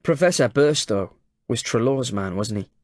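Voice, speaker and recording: A man's voice: medium pitch, lively intonation, normal speed, no echo, clean studio sound, lightly acted. A man voicing a sardonic journalist. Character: sharp, skeptical male journalist. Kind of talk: audiobook character voice.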